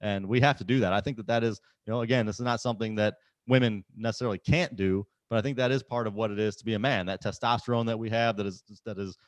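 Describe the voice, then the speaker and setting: A man's voice: on the low side, fairly even intonation, fast talker, hardly any pauses, no echo. A man hosting a podcast, talking casually and emphatically, often repeating words as he starts a sentence. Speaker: podcast host. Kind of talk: casual conversation.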